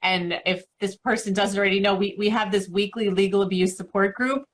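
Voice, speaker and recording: A woman co-host talks at a middling pitch in a loose, conversational way. She leans on repeated words for emphasis and fills her sentences with casual fillers. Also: fairly even intonation, brisk. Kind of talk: casual talk show chat.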